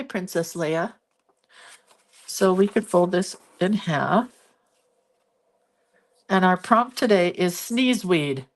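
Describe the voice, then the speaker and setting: A woman hosting a casual live drawing tutorial from her craft desk, filmed on a phone. She chats and thinks aloud as she draws. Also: on the low side. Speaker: host and doodling teacher. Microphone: phone camera.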